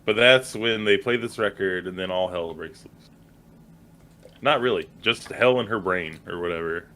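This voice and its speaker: A man speaks in a casual movie podcast chat, with a very low-pitched voice. His delivery is relaxed and offhand, with easy chuckles. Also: normal speed, slight background noise. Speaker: podcast co-host.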